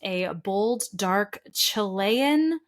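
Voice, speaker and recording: American woman, podcast co-host, casual chat, laughs a lot, mid pitch. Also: expressive, drawn-out words. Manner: chatty, laughs often, reads lists aloud.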